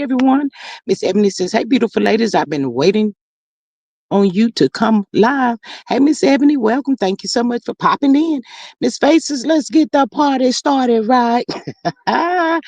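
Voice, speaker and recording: A woman's voice: a little high, no room sound. Sassy woman hosting a livestream chat. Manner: lively, sassy, drawn-out greetings to viewers. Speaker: livestream host. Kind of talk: casual livestream chat, reading comments aloud.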